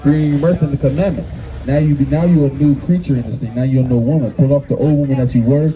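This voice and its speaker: A man's voice: medium pitch, steady tone, quick pace. Confrontational male street preacher. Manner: forceful, confrontational, repetitive with many fillers. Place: outdoors on a busy street. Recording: busy street crowd noise.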